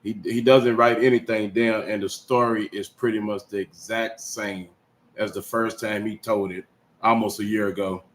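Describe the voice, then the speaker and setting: A man's voice: on the low side, level tone, moderate pace, slight background noise. A man hosting, reading a viewer comment and talking to the audience in an earnest, conversational way. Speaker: host. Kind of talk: casual commentary.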